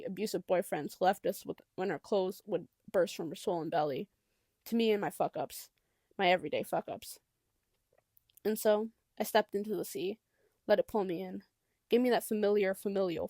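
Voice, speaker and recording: A woman narrating a novel in the first person, reflective and intimate. Her mid-pitched voice carries a gravelly texture of vocal fry. The recording is close and completely dry. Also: darkish tone, no room sound. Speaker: audiobook narrator.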